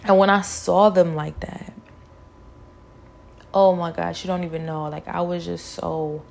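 A young woman tells a personal story with fervent, repetitive insistence. Her voice sits a little low, and she scatters "like" through her speech as she talks. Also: creaky. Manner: fervent, repeats phrases, many "like" fillers. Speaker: vlogger sharing a personal testimony.

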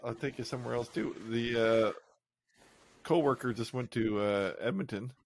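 A man co-hosting a casual podcast, chatty and animated, telling stories with bursts of excitement. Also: medium pitch, moderate pace, slight background noise. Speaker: podcast co-host. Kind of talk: casual chat.

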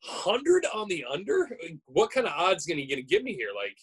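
A man's voice: high-pitched, wildly swooping pitch, normal speed, a bit bright, slightly rough, poor audio. A man co-hosting a podcast in casual chat, playful and teasing, often stammering over restarts. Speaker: podcast co-host.

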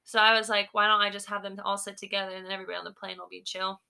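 Bright, lively young woman storyteller. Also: medium pitch, racing, creaky, smooth. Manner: animated, acts out quoted people. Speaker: podcast co-host, daughter. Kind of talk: casual storytelling chat.

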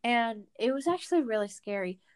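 A woman's voice: a little high, animated, brisk, clean tone, dry recording. A young woman co-hosting a podcast, telling stories in a casual chat full of fillers. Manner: chatty storyteller, lots of fillers. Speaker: podcast co-host.

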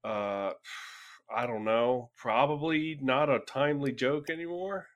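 A man's voice: mid-range voice, unhurried, muffled recording. A man co-hosting a casual podcast chat, hesitant and dry in his jokes. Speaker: podcast co-host.

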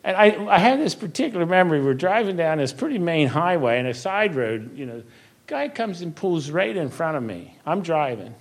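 An older man, a Christian minister, telling stories and teaching in a conversational way, earnest and quick to laugh, slowing down for emphasis. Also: on the high side, sing-song. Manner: earnest storytelling, laughs easily, slows for emphasis. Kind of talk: conversational faith talk.

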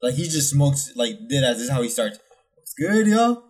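A man co-hosting a podcast, excitable and chatty in casual banter. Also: medium pitch, quick pace, crowd noise. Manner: excitable, repeats "yo". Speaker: podcast co-host.

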